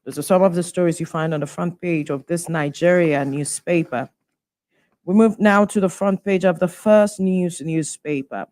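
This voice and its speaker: A presenter briskly reading out the front-page headlines of newspapers. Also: medium pitch, a little mellow.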